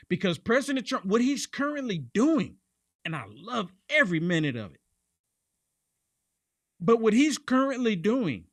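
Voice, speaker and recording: A man's voice: a little high, fairly bright tone, dry recording, clean studio sound. A man hosting a political commentary show, talking emphatically and repeating lines for punch.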